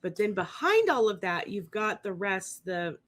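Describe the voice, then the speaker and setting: A relaxed co-host chats about the fruit and oak in a dram, casual and conversational. The voice sits at a middle pitch and talks in a loose, friendly way. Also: unhurried. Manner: relaxed, chatty. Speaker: whiskey reviewer, co-host. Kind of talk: casual tasting chat.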